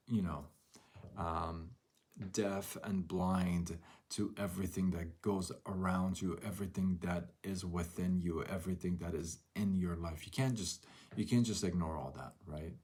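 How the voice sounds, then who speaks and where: A man's voice: low-pitched, darkish tone. A man hosting a live motivational talk, telling a story and asking rhetorical questions. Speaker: host.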